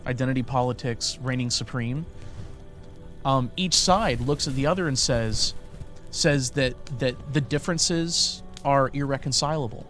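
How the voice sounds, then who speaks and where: Man, guest, mid-range voice, measured, repeats words, casual discussion, faint music behind. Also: medium pitch, a bit bright. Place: around an outdoor fire.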